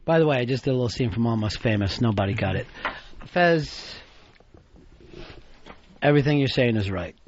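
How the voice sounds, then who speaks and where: A man's voice: medium pitch, animated, normal speed, pauses often, highs cut off, a little hiss or hum. A man co-hosting a radio talk show, blunt, profane and sarcastic in casual banter. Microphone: studio microphone.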